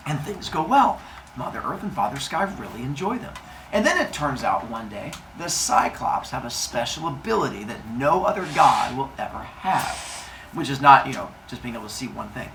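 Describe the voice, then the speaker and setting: A man retelling a myth to a live audience of kids in an animated, jokey way, acting out voices. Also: medium pitch, normal speed, a little hiss or hum. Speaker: storyteller for kids.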